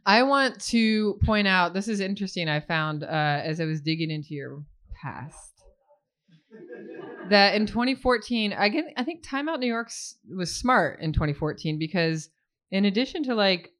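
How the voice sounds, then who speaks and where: A woman's voice: mid-range voice, expressive, moderate pace, a bit bright. A woman hosting a live reading series, introducing the night's author with playful asides. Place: live reading event indoors.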